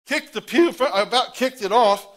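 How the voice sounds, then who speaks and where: A middle-aged man, preaching as pastor at a normal speed, has a very high voice. His sermon stories swing animatedly between loud outbursts and hushed asides.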